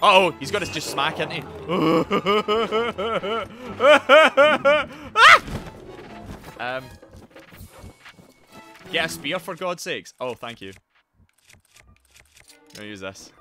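A Scottish man commentating his gameplay live, greeting viewers and yelling in panic when things go wrong. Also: fairly high pitch. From Scotland. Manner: excitable, yelps and shouts in panic, greets chat. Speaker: streamer.

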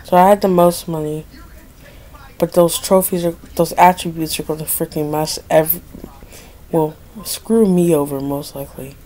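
A woman's voice: deep voice, steady tone, normal speed, dark tone. A young woman giving casual gameplay commentary, dramatic and pleading, complaining that luck is against her. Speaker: gaming video creator.

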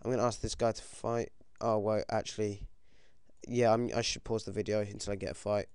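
A British teenage boy giving casual, excitable commentary over his own game, swearing often and yelping when things go wrong. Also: on the low side, fairly quick, clean tone, no room sound, clean studio sound. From United Kingdom. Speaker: gaming commentator.

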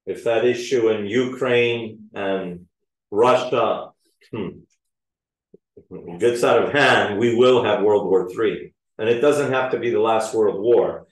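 A man's voice: on the low side, slow pace. A man preaching a sermon as pastor, reading scripture with rising emphasis. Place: church. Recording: echoey church hall, mic at a distance.

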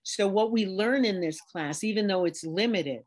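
Expressive middle-aged woman from New York City. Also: medium pitch, moderate pace. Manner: animated, expressive, talks in images and examples. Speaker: dialect coach. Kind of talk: casual interview talk.

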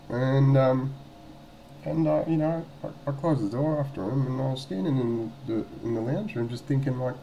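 A man's voice: medium pitch, lively intonation, normal speed, mellow, a little hiss or hum, poor audio. An Australian man telling a story casually in a vlog at home, rambling and swearing, with lots of fillers and restarts. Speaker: vlogger.

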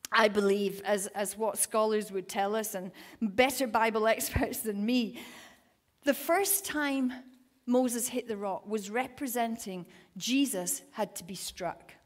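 A woman preaching a sermon at a women's event, telling Bible stories with lively, acted-out quotes. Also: fairly high pitch, slow. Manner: animated storytelling, acting out quoted voices. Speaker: women's ministry speaker. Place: event hall.

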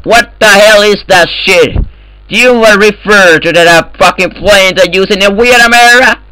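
A man trolling other players in game voice chat, loud and profane, speaking in broken English. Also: high-pitched, smooth, no echo, low-quality recording. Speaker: gamer in voice chat.

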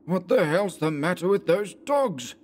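A man voicing a tense, blunt male gold prospector in an audiobook reading, with sharp, alarmed outbursts. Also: on the high side, animated, normal speed, a little hiss or hum, voice pushed up, natural voice. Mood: savage.

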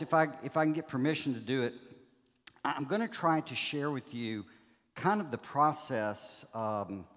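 A man from Alabama, preaching as a guest speaker in a chatty, joking way with plenty of fillers. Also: mid-range voice. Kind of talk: sermon with jokes. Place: church sanctuary. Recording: long reverb of a church hall.

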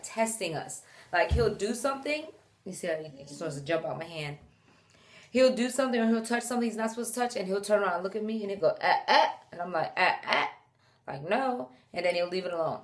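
A young woman chatting to the camera at home while holding her baby, animated and chatty, breaking off to talk to him. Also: medium pitch. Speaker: mom vlogger. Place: at home indoors.

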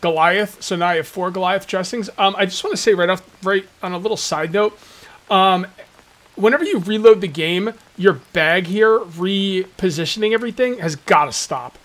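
A man's voice: high voice, normal speed, a bit bright. A man giving casual, jokey let's-play commentary as a gaming video host, ranting and chatting at the viewers. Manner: chatty, ranting, jokey, slips into mock voices. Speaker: gaming YouTuber.

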